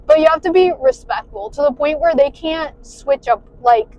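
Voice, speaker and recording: A woman's voice: sits high, moderate pace, dull audio. A young woman talking frankly while driving, swearing freely and filling her talk with "like". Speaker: vlogger. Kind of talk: casual venting while driving. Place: inside a car.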